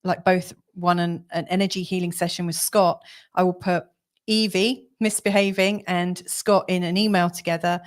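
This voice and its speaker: A woman co-hosting a live stream, chatting casually with many fillers and soft laughs over a video call. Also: fairly low pitch, flat delivery, moderate pace. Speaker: co-host of a live astrology giveaway show.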